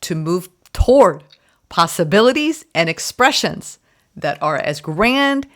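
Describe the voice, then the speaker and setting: A woman giving a spoken tarot reading, gushing and emphatic, often repeating words and filling pauses. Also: lowish voice, very animated. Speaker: tarot reader.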